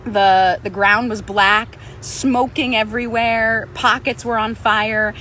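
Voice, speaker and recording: Pilates instructor, woman, higher register, conversational storyteller who voices the people in her story. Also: steady tone, takes it slowly, pushed and bright, slight background noise. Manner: conversational, acts out other people's lines. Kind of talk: personal storytelling.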